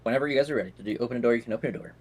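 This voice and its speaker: A man's voice: medium pitch, rapid-fire, a little mellow. A young man running a tabletop game as game master, narrating in a casual, rambling way with fillers.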